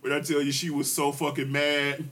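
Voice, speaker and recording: A man's voice: normal speed, a little hiss or hum. A man in casual chat, telling family stories with a lot of profanity and slang, restarting his sentences and laughing through the punchlines. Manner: animated, laughs through his own stories, loud high bursts at punchlines. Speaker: podcast co-host telling a family story.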